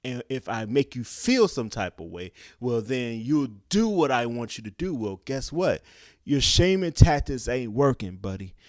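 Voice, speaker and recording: A man's voice: medium pitch, sing-song, unhurried, a little mellow, dry recording. Passionate preachy man, dry sound. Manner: passionate, preachy, keeps asking "guess what?". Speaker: commentary vlogger. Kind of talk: opinion commentary to camera.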